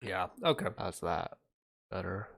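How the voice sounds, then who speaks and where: A man with a lowish voice talks casually on his livestream from a home setup. He mumbles and thinks out loud, half to himself, as he adjusts his desk microphone. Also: lively intonation, measured pace, creaky. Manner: mumbling, thinking aloud while fixing his audio.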